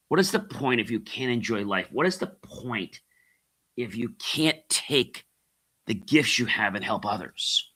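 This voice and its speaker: A man's voice: fairly low pitch, animated, unhurried, long pauses, bright, forceful tone, slightly rough. A middle-aged man hosting a motivational talk, repeating his key phrases and asking the listeners rhetorical questions. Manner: addresses listeners as guys. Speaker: podcast host and coach. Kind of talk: motivational monologue.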